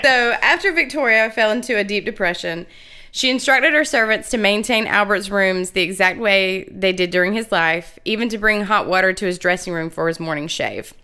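A woman with a bright, crisp, clean voice reads history notes aloud on a casual chat podcast. She talks easily and slips into giggles between facts. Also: mid-range voice, normal speed. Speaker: podcast co-host.

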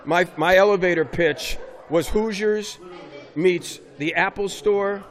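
A man's voice: high voice, slow. A middle-aged man, a basketball coach, telling stories in a casual interview and raising his voice for emphasis. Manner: animated storyteller, raises voice for emphasis.

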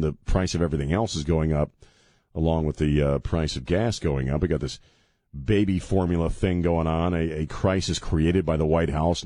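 Low-voiced man rambling on talk radio. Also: warm tone, dry recording, clean studio sound. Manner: rambling, self-deprecating, earnest about faith. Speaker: radio host. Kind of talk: casual talk radio monologue. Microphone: studio mic with headphones.

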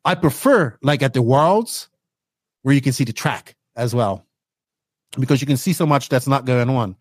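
A young man from Bermuda telling stories as a podcast guest, excitable and animated as he acts out his own reactions. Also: medium pitch, normal speed, no echo, studio quality. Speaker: podcast guest, race commentator. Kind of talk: casual interview storytelling.

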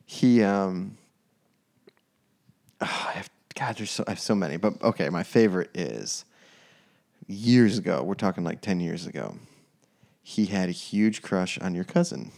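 Guy with a lively up-and-down voice, bit of fry, animated storytelling on a podcast. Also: deep voice, normal speed. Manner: animated storyteller, many restarts. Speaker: podcast guest. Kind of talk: casual chat.

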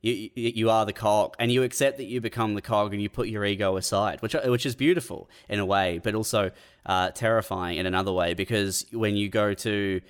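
A man's voice: fairly low pitch, fairly even intonation, a little fast, smooth. A man musing in casual podcast chat, riffing along playfully.

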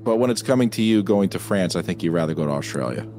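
Deep-voiced rambling male co-host. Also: expressive, quick pace, a little mellow, faint music behind. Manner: rambling, hesitant with many fillers. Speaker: podcast co-host. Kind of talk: casual movie review chat.

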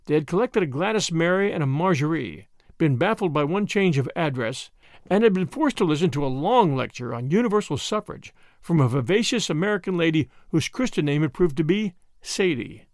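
A male audiobook narrator reading in a measured, expressive storytelling style. His voice sits a little high with a lively, animated rise and fall. The sound is close and dry. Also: dry recording. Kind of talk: scripted narration.

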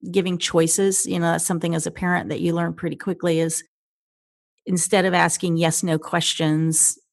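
A woman's voice: on the low side, flat delivery, normal speed, gravelly. A woman hosting a conversation, reflecting on what her guest said and explaining ideas at length. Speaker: host. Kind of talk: casual interview talk.

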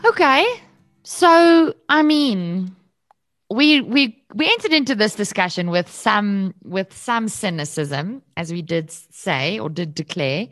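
A woman's voice: mid-range voice, animated, slow, a bit bright, dry recording, faint music behind. A woman co-hosting a podcast, talking reflectively, restarting and searching for words. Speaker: podcast co-host. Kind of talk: candid podcast chat.

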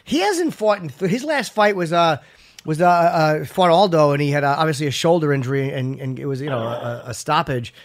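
A man hosting a radio interview, asking questions quickly and stumbling over his words. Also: on the high side. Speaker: radio host.

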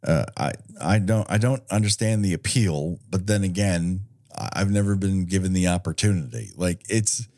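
A man with a low, slightly mellow voice talks at normal speed with few pauses. As a podcast co-host, he chats casually in a movie review, cracking sarcastic, profane jokes and mocking put-on quotes.

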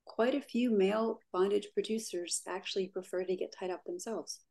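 A woman's voice: mid-range voice, fairly even intonation, moderate pace, vocal fry, darkish tone. Chatty woman. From Pittsburgh, USA. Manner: chatty, many "like" fillers, laughs easily. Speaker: guest. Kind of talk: casual interview chat.

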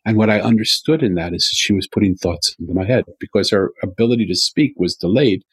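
A man's voice: lowish voice, quick pace, husky, no echo. A man speaking earnestly as an interview guest, telling a story with repeated emphatic phrases.

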